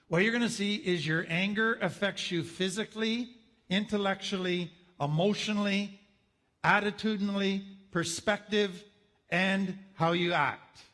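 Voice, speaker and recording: A man's voice: high voice, a bit bright, big-room sound. A man giving an earnest, explanatory lecture as a counselor teaching a course. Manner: earnest, explanatory, acts out inner thoughts. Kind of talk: recorded lecture.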